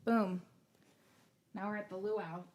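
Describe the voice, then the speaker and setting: A woman's voice: medium pitch, steady tone, slow pace, noisy background. A woman hosting a livestream show, chatting casually in a rambling, self-mocking, joking way. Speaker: stream show host.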